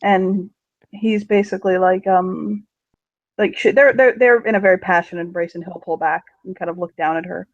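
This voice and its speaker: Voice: mid-range voice, normal speed, no echo. A game master narrating a tabletop game in a loose, rambling way with many fillers and swearing, on a dull lo-fi recording.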